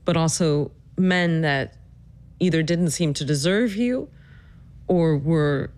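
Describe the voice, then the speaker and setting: A woman's voice: low voice, darkish tone. Earnest woman narrating a family story. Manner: earnest, emotional, measured storytelling. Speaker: host and narrator. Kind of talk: narrated personal podcast with interview.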